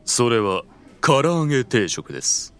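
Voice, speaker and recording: A man's voice: mid-range voice, big pitch swings, brisk, fairly bright tone, soft background music. A man voicing a polite male waiter explaining dishes in a scripted lesson dialogue.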